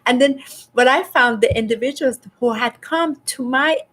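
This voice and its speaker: A middle-aged woman hosting a casual spiritual livestream, reading viewers' comments aloud and talking with animated exasperation. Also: moderate pace. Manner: animated, rises in pitch when exasperated. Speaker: spiritual host reading live chat.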